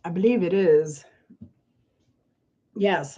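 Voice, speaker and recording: A woman's voice: on the low side, lively intonation, slow pace, a little mellow. A woman hosting a casual livestream, chatting with viewers in a self-amused, rambling way while fighting a cough and sneezes. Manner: chatty, self-amused, trailing off mid-sentence. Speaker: livestream host. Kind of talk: casual chat reading viewer comments.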